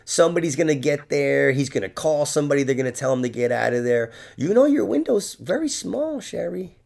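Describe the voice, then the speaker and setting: Man, podcast host, gravelly voice, swings all over in pitch, teasing, swearing, crude banter. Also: sing-song, fairly quick, a little mellow. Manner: teasing, swearing, laughs often.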